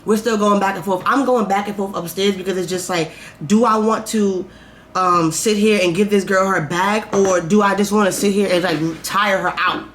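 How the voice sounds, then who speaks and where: A woman's voice: mid-range voice, steady tone, moderate pace, slight background noise. A woman vlogger telling a story in a candid, profane, rambling way, full of fillers. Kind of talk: casual storytime.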